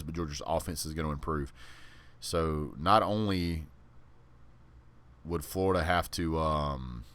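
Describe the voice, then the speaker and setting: A man's voice: low voice, fairly bright tone. A man hosting a live sports stream, chatting casually and rambling in a laid-back way. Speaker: host of a sports channel.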